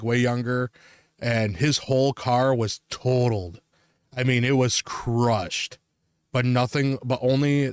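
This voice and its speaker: A man's voice: medium pitch, dry recording, clean studio sound. A man, a podcast co-host, telling a personal ghost story in a casual, profane, rambling way.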